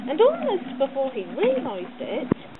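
A woman reads a storybook aloud, animated and fond of sound effects. Her high voice swings widely in pitch. The sound is thin and phone-like with loud noise behind it. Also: measured pace.

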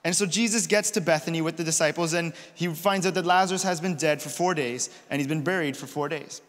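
A man's voice: on the high side, fast, a bit bright. Casual preaching man in a reverberant hall. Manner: conversational storytelling, retells scripture in casual paraphrase. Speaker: pastor. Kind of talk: sermon. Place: church auditorium.

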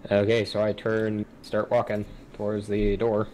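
Low-voiced man, tabletop player. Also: completely flat delivery, a little slow, darkish tone, a little hiss or hum, poor audio. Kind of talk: casual tabletop role-play.

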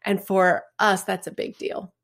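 A woman's voice: medium pitch, level tone, unhurried, creaky. A woman co-hosting a podcast, chatting with humor and acting out little exchanges. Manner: chatty, humorous, acts out quotes. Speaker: podcast co-host and writer. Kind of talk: casual conversational chat.

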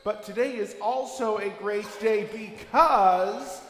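A high-pitched man leads a children's chapel, teasing and coaxing the young crowd in a playful, unhurried way. His voice rings through a large hall with a long, echoing tail. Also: slight background noise. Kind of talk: children's chapel talk with songs. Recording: echoey hall, long reverb.

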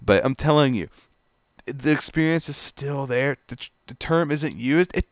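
A man's voice: medium pitch, normal speed, no echo. Stammering man ranting, dry close sound. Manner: stammering, exasperated, repeats words. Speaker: commentary YouTuber. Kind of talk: ranting commentary.

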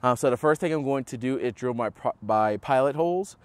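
Young male DIY host, mid pitch, casual and unhurried, recorded outdoors on a roof. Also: smooth, no echo. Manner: relaxed, filler-heavy explaining. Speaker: host of a setup tutorial. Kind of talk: casual how-to demonstration.

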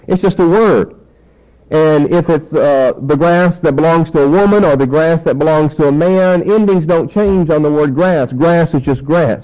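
A man's voice: a little high, a little mellow, rough recording. A man teaching a Bible lesson, explaining points emphatically and spelling out words letter by letter.

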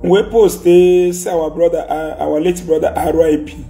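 A man's voice: a little high, fairly even intonation, normal speed, vocal fry, mellow, soft background music. A Nigerian man with an Igbo accent, ranting and scolding in a heated social media monologue, mixing Igbo and English and repeating his points. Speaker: commentator.

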